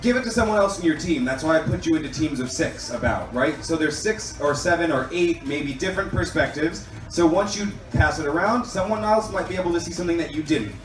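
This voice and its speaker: A man's voice: fairly high pitch, animated, fairly quick, few pauses. A man runs a puzzle game for a group and walks them patiently through the rules. He is heard from a distance in an echoing room, and faint music plays behind him. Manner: patient, checks for understanding. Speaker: game host. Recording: echoey room mic'd from a distance.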